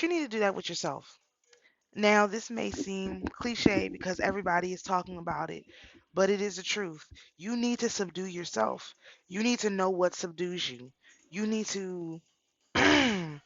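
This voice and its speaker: A woman's voice: fairly low pitch, vocal fry, fairly bright tone, no room sound, dull audio. A middle-aged woman talking casually about spiritual practice, telling a personal story with repeated phrases. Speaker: spiritual channel host.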